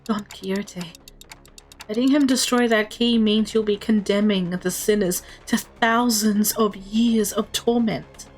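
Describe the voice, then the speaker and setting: A woman voicing a calm, composed female genius adviser who speaks in a measured, deadpan way. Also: medium pitch, soft background music, natural voice. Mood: cool.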